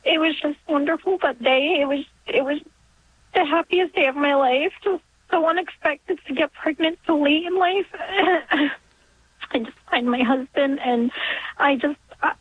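A woman in her forties calling in from New York, emotional and halting, laughing through tears as she talks. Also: sits high. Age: 40s. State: crying. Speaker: caller. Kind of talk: emotional call-in sharing. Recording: tinny phone line.

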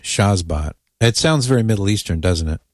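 A man's voice: fairly low pitch, lively intonation, normal speed, dry recording, studio quality. A man hosting a casual radio talk show, chatting in an amused way and reading listener emails aloud.

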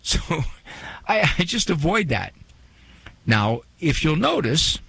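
Gravelly radio host, lively and joking. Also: male voice, on the high side, slow pace. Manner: joking, self-mocking, acts out quoted asides. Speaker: radio talk show host. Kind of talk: casual radio monologue.

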